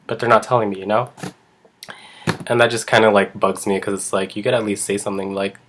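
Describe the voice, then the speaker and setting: Man, eyebrow artist, casual vlog chat, rambling, lots of fillers, lowish voice. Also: fairly even intonation, fast talker, slight background noise. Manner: rambling, heavy use of "like".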